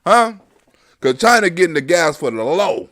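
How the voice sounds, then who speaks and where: A man hosting a comedic reaction show, talking loud and profane, mocking and laughing often. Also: fairly high pitch, sing-song, moderate pace. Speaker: host.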